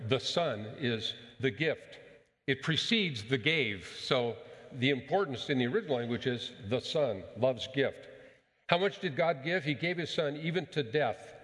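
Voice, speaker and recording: A man's voice: medium pitch, fairly bright tone. Man preaching in a reverberant hall. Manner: emphatic, measured preaching with rhetorical questions. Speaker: pastor. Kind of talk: sermon.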